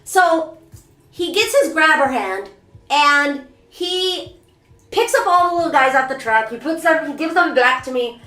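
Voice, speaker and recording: A woman streamer telling a story to her chat in a casual, animated, rambling and self-mocking way. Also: high voice, measured pace, echoey room. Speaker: VTuber streamer. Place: bathroom during a bath.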